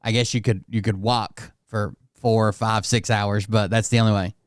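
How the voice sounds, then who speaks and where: A man's voice: on the low side, flat delivery, moderate pace, dry recording. A man hosting a reaction show, talking in a blunt, profane, exasperated way. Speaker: channel host reacting to clips. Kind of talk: casual reaction commentary.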